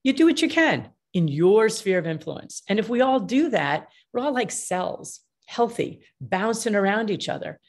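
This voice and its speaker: A middle-aged woman, a mediator answering interview questions in an energetic, emphatic way and acting out the dialogue she quotes. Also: mid-range voice, normal speed, few pauses. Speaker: mediator and author.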